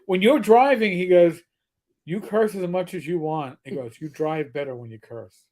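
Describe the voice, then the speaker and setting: A man's voice: high voice, normal speed, a little mellow. Rambling middle-aged male co-host. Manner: rambling storyteller, joking, frequent restarts. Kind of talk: casual livestream chat.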